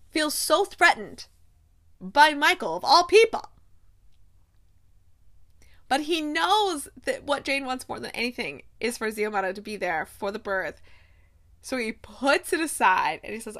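A young woman chats through a TV season recap in a casual, animated way. Her voice sits a bit high and rings bright and forward. She slips into quieter, softer tones whenever she quotes the characters. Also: unhurried, pauses often. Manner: animated retelling, quoting characters in soft voices. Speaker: podcast host recapping a TV show. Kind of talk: casual chat.

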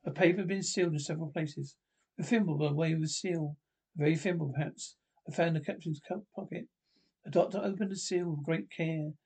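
A man reading a classic adventure novel aloud, in a halting way with restarts and slips. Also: on the high side, fairly even intonation, darkish tone, husky. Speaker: audiobook reader.

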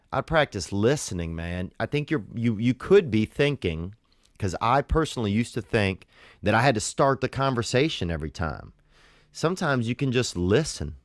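A man calmly telling stories and giving advice in a matter-of-fact way. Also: on the low side, no echo, studio quality. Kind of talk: casual storytelling and advice.

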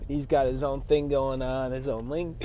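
A man's voice: mid-range voice, little pitch movement, normal speed, warm tone, a little hiss or hum. Slangy man rambling on lo-fi audio. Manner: slangy, profane, loose and rambling. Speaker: solo podcast host. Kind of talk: casual rambling monologue.

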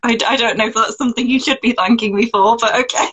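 A woman appears as a guest in a relaxed interview, bashful and quick to laugh at herself. Her voice is a little higher than average. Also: husky, rough recording. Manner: bashful, amused. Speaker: musician guest. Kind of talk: casual radio interview.

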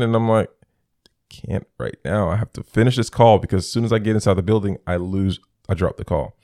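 A man's voice: deep voice, fairly quick, dark tone, no room sound, studio quality. A young man telling stories in casual chat, acting out both sides of his phone calls.

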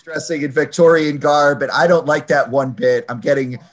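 A man's voice: fairly high pitch, normal speed. Rambling, foul-mouthed podcast host, a man. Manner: rambling, swears a lot, self-deprecating. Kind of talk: casual chat.

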